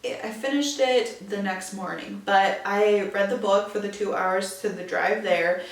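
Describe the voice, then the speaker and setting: A woman's voice: medium pitch, measured pace, distant mic. Brief: young female podcast host, chatty filler-heavy delivery, a bit off-mic in a roomy space. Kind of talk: casual solo podcast chat. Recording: echoey room, a bit off-mic.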